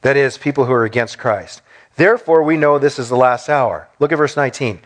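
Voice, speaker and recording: A man's voice: medium pitch, fairly quick. A man preaching a sermon, asking rhetorical questions and acting out the lines he quotes in little voices. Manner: acts out quoted speech in small voices. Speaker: pastor.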